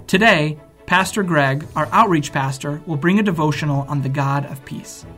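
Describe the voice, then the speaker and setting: A man reading a quick, upbeat podcast introduction as announcer. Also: on the high side, bright, forceful tone. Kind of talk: scripted introduction. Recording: music bed behind the voice. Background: faint music.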